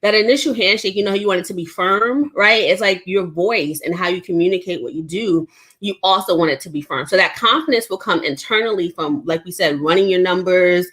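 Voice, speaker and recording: Bright-voiced, laughing woman from the Bronx. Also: lowish voice, a little fast. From the Bronx, New York. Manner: laughs often, emphatic, says "right?" a lot. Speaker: guest business coach. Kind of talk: energetic online workshop chat.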